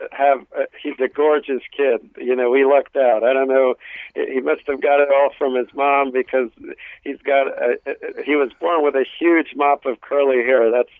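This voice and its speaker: A stand-up comedian from New York City with a New York accent, telling family stories in a casual interview, full of restarts and acted bits. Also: male voice, mid-range voice, no echo. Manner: storytelling with acted family voices, many restarts. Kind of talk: casual radio interview chat. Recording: tinny phone line.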